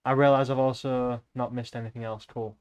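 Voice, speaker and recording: A young man chats casually to his stream viewers. He rambles and wanders off topic, drops swear words without a thought, and keeps his voice at an ordinary middle pitch. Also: level tone, a little fast, a little mellow. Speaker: livestreamer.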